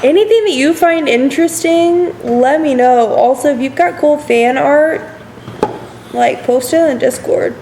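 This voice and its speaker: A woman's voice: sits high, a little slow, mellow, slight background noise. A woman streamer chatting casually while painting miniatures, rambling and slipping into playful accents.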